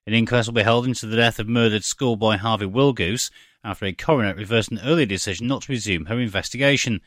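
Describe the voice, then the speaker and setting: Measured male radio newsreader, dry studio. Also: fairly low pitch, no echo. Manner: measured, even newsreading delivery. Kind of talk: scripted radio news bulletin. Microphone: studio microphone.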